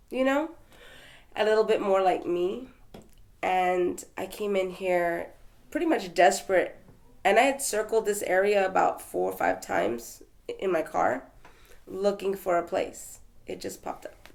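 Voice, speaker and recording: A woman's voice: fairly low pitch, creaky, darkish tone. A woman from Texas telling her story as an interview guest, in a rambling, conversational way with fillers and restarts. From Texas, USA.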